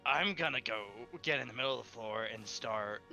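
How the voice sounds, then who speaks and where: Gravelly bantering man at a game table. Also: mid-range voice, a little fast, bright, forceful tone, faint music behind. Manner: laughing, bantering. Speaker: player. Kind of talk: in-character tabletop play.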